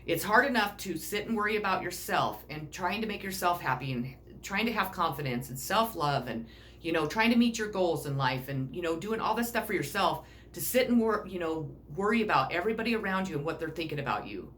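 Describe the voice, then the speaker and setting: Middle-aged woman ranting self-help style, blunt, cusses, lowish voice. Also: lively intonation, a little fast, fairly bright tone, slight background noise. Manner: blunt, rambling, swears freely. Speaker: personal growth speaker. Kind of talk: casual self-help monologue.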